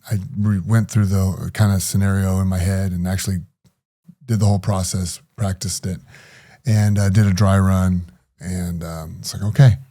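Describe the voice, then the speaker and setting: A man's voice: low-pitched, mellow. A middle-aged man telling his story in an interview, hesitant, with many fillers and restarts. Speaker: guest.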